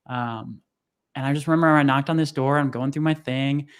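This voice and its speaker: A man's voice: a little fast, smooth. A young man, a podcast guest, telling a personal story in casual conversation, acting out what people said in a raised voice. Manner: animated, acts out quotes in high voices. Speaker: podcast guest, sales coach.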